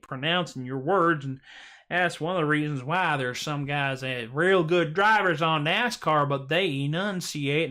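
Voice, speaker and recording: A man's voice: fairly high pitch, pushed and bright. A man hosting his own livestream show, chatting casually between songs with rambling, self-deprecating jokes. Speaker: singer-songwriter host of a livestream show.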